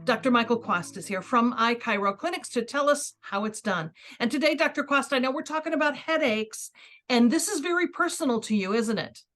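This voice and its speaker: A woman's voice: a little high, animated, a little fast, a bit bright. A woman hosting a sponsored TV segment, reading an upbeat intro and interviewing a guest. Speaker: TV host.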